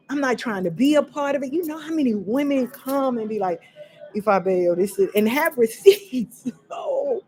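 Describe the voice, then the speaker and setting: Here a woman vlogger talks about her own experience off the cuff, addressing the audience as y'all with blunt, profane directness and emphatic repetition. Her voice has a warm tone at medium pitch.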